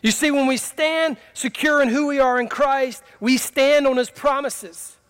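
High-voiced preaching man. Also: a little slow, a bit bright. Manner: impassioned preaching, rising to emphatic cries then dropping low. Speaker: pastor. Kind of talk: sermon.

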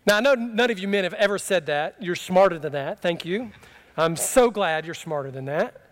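A man's voice: high-pitched, lively intonation, normal speed. A man preaching a sermon in a conversational, humorous way, telling a story from his own life and asking the congregation questions. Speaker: pastor.

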